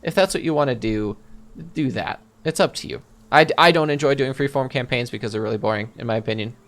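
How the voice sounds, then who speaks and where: With a quick pace and a fairly bright, medium-pitched voice, a man fields viewer questions as a game master. He chats casually, thinks out loud, restarts sentences, and explains using his own campaign.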